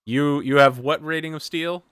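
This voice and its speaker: Bright-voiced male game master. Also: fairly high pitch, normal speed, smooth, no room sound. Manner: relaxed, explains rules with fillers. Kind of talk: narrating a tabletop game.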